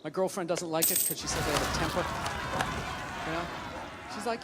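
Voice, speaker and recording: A man's voice: fairly high pitch, brisk, long pauses. A man doing a stand-up comedy routine, swearing a lot and acting out heated arguments in different voices. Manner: profane, ranting, acts out arguments. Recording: loud background noise.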